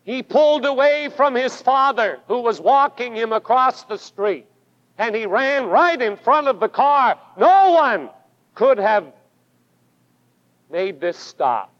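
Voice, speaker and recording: A man preaching a sermon with fervent emphasis, his voice swelling on key words and dropping to a hush. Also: very high voice, expressive, slow, no room sound. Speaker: pastor. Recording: dull lo-fi sermon recording.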